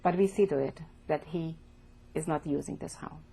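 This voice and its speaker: An older woman from Poland giving oral history testimony as an interviewee, speaking haltingly and repeating words as she goes. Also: sits low, warm tone, slight background noise. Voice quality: gravelly, husky.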